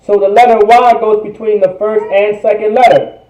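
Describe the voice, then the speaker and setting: A man's voice: high-pitched, fairly even intonation, normal speed, echoey room, dull audio, slight background noise. A man teaching a livestreamed language class, repeating phrases and checking in with viewers. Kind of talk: online language lesson.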